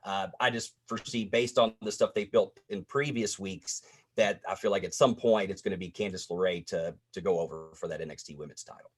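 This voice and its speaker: A man's voice: low voice, fairly quick, husky. Talkative man breaking down wrestling. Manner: long, opinionated explanations. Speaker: podcast co-host, wrestling trainer. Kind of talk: casual chat.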